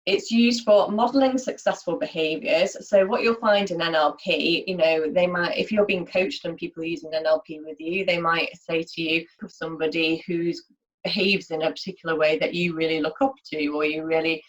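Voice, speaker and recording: Chatty woman explaining, low voice. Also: steady tone, moderate pace, low-quality recording. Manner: chatty, explanatory, many fillers and restarts. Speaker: workshop presenter. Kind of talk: informal online lunchtime talk.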